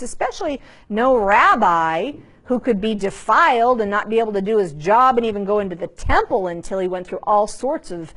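Informal woman Bible teacher, bright and high-pitched, swinging her pitch a lot as she chats to a group. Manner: animated, conversational, many restarts and acted asides.

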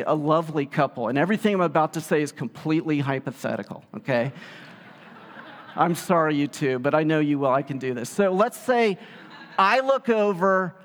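A man preaching a sermon, telling the story in a lively way and acting out the quotes. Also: fairly high pitch. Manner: animated storytelling, acts out quotes. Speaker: pastor. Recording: long hall reverb.

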